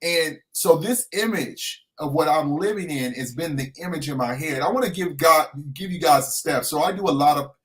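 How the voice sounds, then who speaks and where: A man's voice: on the high side, moderate pace, few pauses, a bit bright. A middle-aged man, a transformation coach, talking earnestly in an inspirational interview and repeating his key phrases like a preacher.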